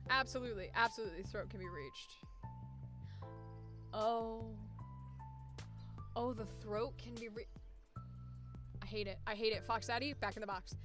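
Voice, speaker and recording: A woman voice actor chatting casually on a livestream, excitable, laughing often and swearing freely. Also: fairly high pitch, normal speed, pauses often, over music. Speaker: voice actor streaming with chat.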